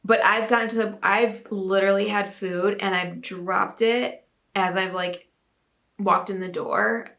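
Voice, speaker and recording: A woman's voice: mid-range voice, fairly even intonation, a little slow, creaky, fairly bright tone. A young woman hosting a casual talk segment, bubbly and chatty with lots of filler words. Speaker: host reading viewer submissions. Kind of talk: casual chat and reading aloud.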